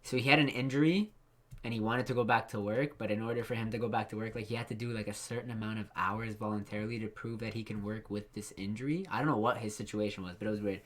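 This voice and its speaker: A man's voice: on the low side, fairly even intonation, quick pace. A young man in casual podcast chat, spinning long, crude stories full of filler words. He keeps breaking into laughter as he tells them. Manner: rambling, profane storyteller who laughs through his own stories. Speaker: podcast co-host.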